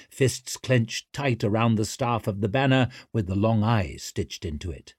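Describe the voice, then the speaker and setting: A man narrating an audiobook in a wry, expressive storytelling manner. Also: mid-range voice, unhurried, hardly any pauses, no echo, studio quality.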